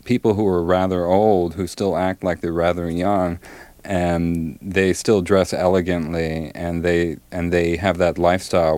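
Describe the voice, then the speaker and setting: A middle-aged man, a novelist, answering interview questions thoughtfully with many pauses and fillers, and reading from his book. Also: sits low, a little mellow, no room sound.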